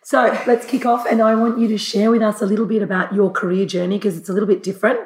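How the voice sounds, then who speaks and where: Hoarse woman podcast host with a cold. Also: medium pitch, little pitch movement, quick pace, a little mellow, echoey room, rough recording. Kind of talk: casual interview chat.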